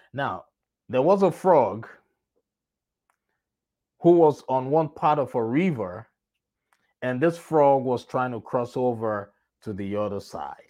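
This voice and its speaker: A man's voice: mid-range voice, a little mellow. A man giving a motivational talk, telling a fable and repeating key phrases for emphasis. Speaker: motivational speaker.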